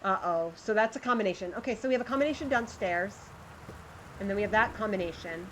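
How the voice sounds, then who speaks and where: A woman with a mid-range voice talks at a quick pace over background noise while livestreaming. She's chatty, talking to her viewers as she plays a game, offering live game commentary and reading a storybook aloud.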